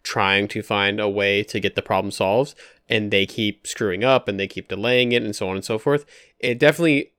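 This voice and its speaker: A man's voice: fairly low pitch, fairly even intonation, fairly quick, a bit bright, smooth, dry recording, studio quality. A man co-hosting a podcast, chatting casually and animatedly, swearing freely. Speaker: podcast co-host. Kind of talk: casual chat.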